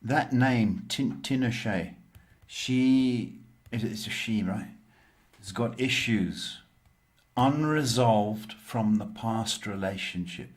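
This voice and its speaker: Slow, halting man giving psychic readings. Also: lowish voice. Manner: slow, halting, with many ums. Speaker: psychic reader and host. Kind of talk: live-stream tarot Q&A.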